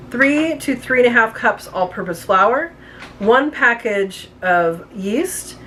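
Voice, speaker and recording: A woman's voice: mid-range voice, fairly bright tone, slight background noise. A woman hosting a home cooking video, chatting casually as she works through a recipe, with hiccups that she keeps apologizing for. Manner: chatty, talks while working, apologizes for hiccups. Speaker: home cooking channel host.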